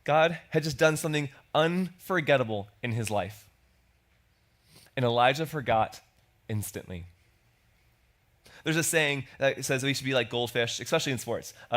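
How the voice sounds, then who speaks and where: A man's voice: mid-range voice, brisk, fairly bright tone. A man preaching a sermon as pastor, in a conversational way, acting out quoted lines. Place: church.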